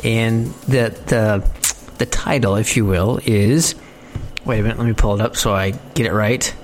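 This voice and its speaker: A man hosting a podcast, chatting casually in a rambling, self-mocking way with halting restarts. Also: fairly low pitch, steady tone, slight background noise. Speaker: podcast host.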